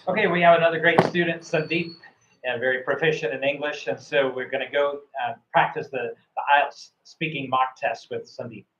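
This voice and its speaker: Running a mock speaking test in an online English lesson, this man sounds encouraging, with lots of fillers and restarts. His mid-range voice is fairly bright, fairly even in intonation and a little fast, over slight background noise in a roomy, dull lo-fi recording.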